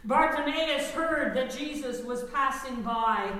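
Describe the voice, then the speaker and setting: A woman pastor preaching a lively sermon, engaging her congregation with call-and-response. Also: sits high, takes it slowly, recorded from a distance. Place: church sanctuary. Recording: echoey hall, mic from afar.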